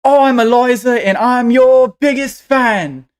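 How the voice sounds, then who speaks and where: A man's voice: very high-pitched, unhurried, clean tone, pitched above the performer's own voice. A man doing Eliza, a bubbly little girl. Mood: gushing excited. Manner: bubbly, gushing, breathless chatter. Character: excitable eight-year-old human girl, superfan.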